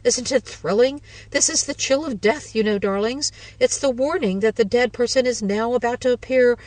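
A woman's voice: fairly high pitch, lively intonation, brisk, no room sound, recorded from a distance, pitched above the performer's own voice. A woman voicing an eager, meddlesome older woman who gushes breathlessly about ghosts, in a storybook reading. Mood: thrilled. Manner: gushing, breathless, triumphant.

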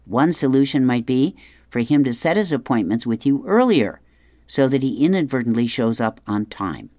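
A man's voice: medium pitch, animated, dark tone, no room sound. A man hosting a radio show, reading an advice column and describing comic strips aloud with amusement. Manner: unhurried, amused, chuckling while reading. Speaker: radio host.

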